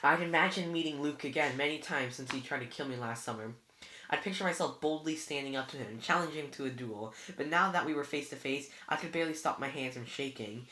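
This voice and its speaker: A reader narrating a novel aloud in a plain, steady way. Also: medium pitch, brisk. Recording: roomy echo.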